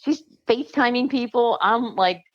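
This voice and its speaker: A woman's voice: a little high, normal speed, dry recording, highs cut off. A woman with a southern central New Jersey accent, a podcast guest chatting casually, laughing often and swearing playfully. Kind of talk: casual chat.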